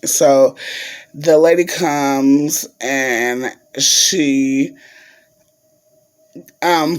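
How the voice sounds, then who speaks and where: Slow-talking woman telling a story to viewers. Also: sits low. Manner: chatty, addresses viewers as y'all, many fillers. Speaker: vlogger.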